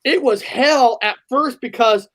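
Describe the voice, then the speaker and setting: A woman's voice: fairly high pitch, a little slow. Woman reading out comments and chatting. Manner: conversational storytelling. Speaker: co-host reading viewer comments. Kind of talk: casual chat.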